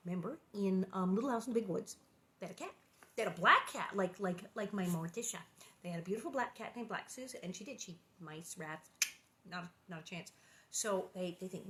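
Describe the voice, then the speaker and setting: A woman's voice: mid-range voice, expressive, brisk, bright, forceful tone. Bubbly woman reading a storybook aloud. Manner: gushing, giggly, enthusiastic. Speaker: actress reading a children's book. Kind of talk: storybook reading with chatty asides.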